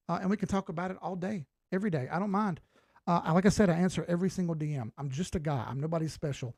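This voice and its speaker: In his late thirties, a crypto chart analyst hosts a livestream, chatting casually in a fairly high voice with a darkish tone. He's laid-back and blunt and swears freely. The sound is dry and close, with no room echo.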